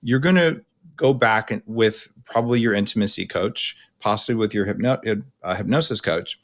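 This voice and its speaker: A man's voice: fairly low pitch, moderate pace. A man hosting a podcast, explaining things bluntly and emphatically in a casual coaching conversation.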